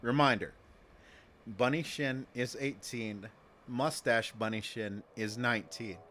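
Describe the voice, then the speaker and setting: Male game streamer, casual rambling chat, jokey, middle pitch. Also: a little slow, pushed and bright, a little hiss or hum. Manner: rambling, jokey, swears, chants and talks to chat.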